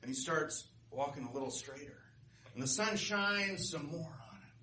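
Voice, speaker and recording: A man's voice: a little high, animated, moderate pace, pushed and bright. A man telling stories to a live class in a casual, chatty way, often checking in with his listeners. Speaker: storytelling teacher. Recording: roomy live class, distant mic, faint noise.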